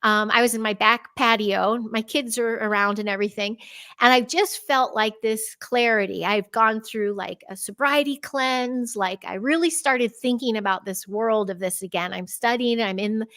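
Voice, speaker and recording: A middle-aged woman from the Chicago area, a podcast guest telling personal stories, animated and laughing often. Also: moderate pace, no echo. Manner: animated, laughs often, acts out her own past words in a bright high voice. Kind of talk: personal storytelling in a conversational interview.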